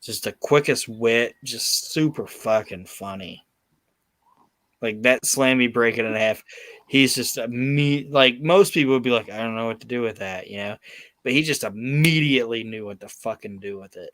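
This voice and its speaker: A man's voice: mid-range voice, measured pace, a bit bright. A man hosting a podcast, telling a story in a profane, emphatic casual chat. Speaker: podcast host.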